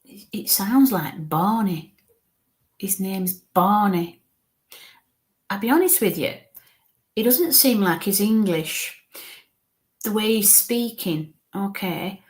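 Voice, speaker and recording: A woman working as a psychic medium, giving a live reading in a halting way and breaking off to murmur coaxing asides under her breath. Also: medium pitch, expressive. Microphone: live stream mic.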